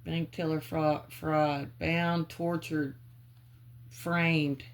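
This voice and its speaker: A woman giving a channeled psychic reading, calling on spirit and muttering names and clues in halting bits. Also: deep voice, flat delivery. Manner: halting, muttering free association. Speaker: psychic reader.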